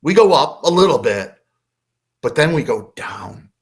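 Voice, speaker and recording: A man's voice: a little high, big pitch swings, unhurried. A man putting on the voice of a friendly male grey alien who is easygoing and amused. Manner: easygoing, laughing, reassuring.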